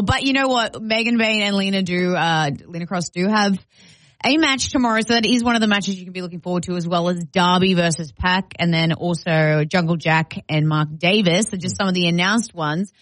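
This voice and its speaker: A woman's voice: medium pitch, fairly bright tone, no room sound. Playful Australian woman, dry close sound. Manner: playful, laughing, teasing. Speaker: guest wrestler. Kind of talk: casual interview chat.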